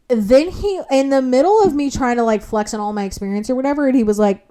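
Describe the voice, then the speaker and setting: Young woman vlogger, profane, animated, lots of "like", pitch spikes when outraged. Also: fairly quick, few pauses, clean tone. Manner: profanity-laden, heavy use of "like"; animated, indignant retelling with sudden jumps in pitch. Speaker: vlog host. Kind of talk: casual storytelling monologue.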